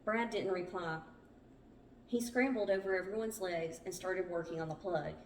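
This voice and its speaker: The book club host, a woman with a fairly low voice at normal speed, reads aloud from a survival memoir in a plain storytelling manner with minor stumbles. The sound is roomy and distant from the mic, with slight background noise.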